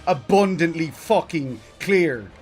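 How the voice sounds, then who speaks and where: Male streamer, fed up, swearing, slightly higher voice, game music behind. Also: lively intonation, slow, a little mellow. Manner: exasperated, profane ranting at chat. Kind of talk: live let's play commentary.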